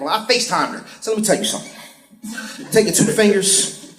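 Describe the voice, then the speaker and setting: A man doing live stand-up comedy, profane and animated, acting out other people's voices. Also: on the high side, fast. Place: comedy stage before a laughing audience. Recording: roomy live venue with crowd laughter.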